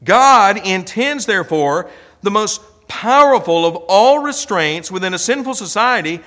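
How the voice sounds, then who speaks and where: A man's voice: sits high, animated, fairly bright tone. Man preaching in a reverberant hall. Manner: measured preaching with emphatic stresses. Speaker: pastor. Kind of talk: sermon.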